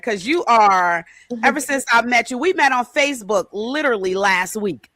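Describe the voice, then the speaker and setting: A woman hosting a podcast as author and coach, upbeat and animated, calling out greetings to her guests over a video call. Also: fairly high pitch, normal speed, dry recording.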